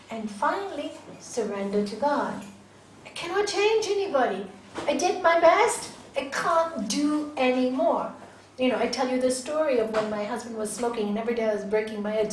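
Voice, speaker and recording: An older woman with a slightly high voice teaches a yoga class in a large hall, chatting, laughing often, sharing personal stories and quizzing her students. The recording is distant and echoey, with faint ambience and slight background noise.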